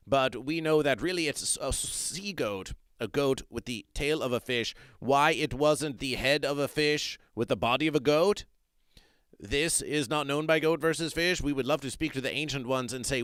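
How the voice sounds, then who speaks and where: A man hosting a comedy livestream from a small room, speaking into a desk mic. He refers to himself in the third person in a stilted, mock-formal manner and repeats his phrases for effect. His voice is smooth and resonant, and the recording is close and dry. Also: mid-range voice, fairly bright tone, dry recording. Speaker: livestream host reading chat.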